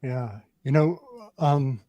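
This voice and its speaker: A man on a live discussion show, eager and enthusiastic, jumping in with excitement. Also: medium pitch, takes it slowly, no room sound, dull audio. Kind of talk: casual podcast discussion.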